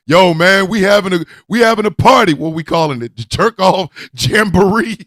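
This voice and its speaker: A man's voice: high-pitched, wildly swooping pitch, measured pace, fairly bright tone. A man hosting an online radio show, ranting comically with profanity and constant cackling laughter. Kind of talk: loose comedic rant with chat.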